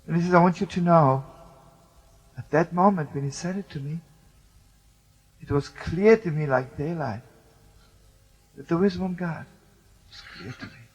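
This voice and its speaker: Older male storyteller rabbi, slightly high voice, emotional telling, muffled lo-fi recording with soft music. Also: moderate pace, pauses often, breathy edge. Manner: emotional storytelling, Hebrew and Yiddish words mixed in.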